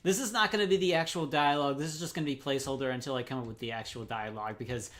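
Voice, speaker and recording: A man's voice: mid-range voice, racing, fairly bright tone. Easygoing man hosting a game-dev chat. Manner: easygoing, laughs often, trails off and restarts. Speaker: game developer host. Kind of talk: casual chat.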